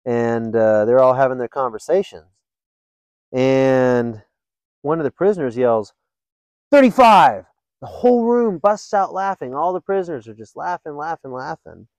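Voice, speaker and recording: A man hosting a podcast, telling funny stories in a casual, animated way and laughing often. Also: medium pitch, no echo, low-quality recording. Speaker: podcast host. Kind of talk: casual storytelling chat.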